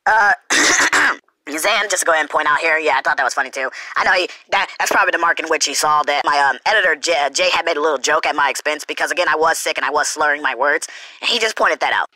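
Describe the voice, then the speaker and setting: Young woman reaction host; fast, rambling, self-correcting, dry sound. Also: deep voice, bright, forceful tone, no echo, low-quality recording. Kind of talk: unscripted response commentary.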